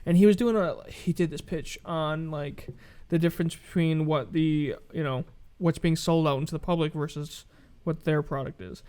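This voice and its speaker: A man's voice: on the high side, normal speed, clear, resonant tone. A man co-hosting a podcast, telling a story in casual chat, acting out what people said and swearing freely. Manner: animated, acts out quoted dialogue, swears freely. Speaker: podcast co-host.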